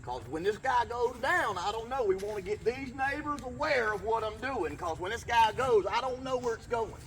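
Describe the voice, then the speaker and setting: A man's voice: extremely high pitch, expressive, moderate pace, a bit bright, exaggerated voice. A man playing a shady, bumbling tree worker in a comic ad skit, speaking outdoors with noise around him. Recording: outdoor noise, distant mic.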